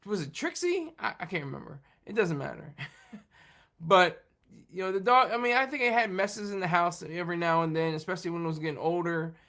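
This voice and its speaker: A livestream host chats casually with viewers in a voice that sits high and sounds expressive, creaky, bright, and forceful. He rambles and halts through many restarts, asides, and laughs.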